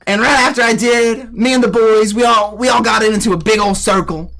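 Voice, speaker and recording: A man's voice: high-pitched, steady tone, gravelly, pushed and bright, exaggerated voice. A man doing a put-on American Southern accent as a crude, boastful country man, drawing out his words and asking "okay?" again and again during a joking game stream. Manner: drawn-out, crude bragging, keeps asking "okay?".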